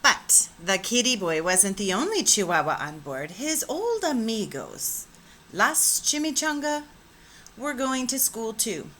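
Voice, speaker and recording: A woman teacher reading a picture book aloud with expressive, animated storytelling. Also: a little high, measured pace, slight background noise.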